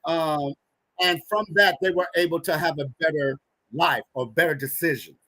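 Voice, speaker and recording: Husky-voiced man in his thirties telling stories. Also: fairly high pitch, moderate pace, no room sound, poor audio. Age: 30s. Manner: animated, acts out quoted dialogue. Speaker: guest, organizational psychologist and author. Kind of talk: personal storytelling in a conversation.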